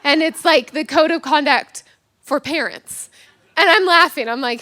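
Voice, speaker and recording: A woman pastor in her thirties preaches a sermon in a high-pitched voice at a moderate pace. She tells a funny personal story with animated energy, acting out what the people in it said and poking fun at herself.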